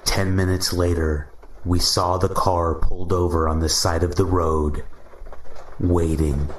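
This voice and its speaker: A man narrating a first-person story in a measured, steady reading. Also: low voice. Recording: roomy echo, faint hiss.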